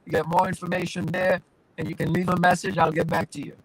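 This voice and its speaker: A man, a judge and talk show guest, making a steady, plain appeal over a video call. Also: high-pitched, fast, poor audio.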